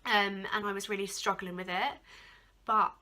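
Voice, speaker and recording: This young woman from England tells a personal ordeal in a casual storytime vlog, rambling to camera with frequent "like" and fillers and occasional emotion. Medium in pitch, she speaks at normal speed in a flat, pushed, bright way.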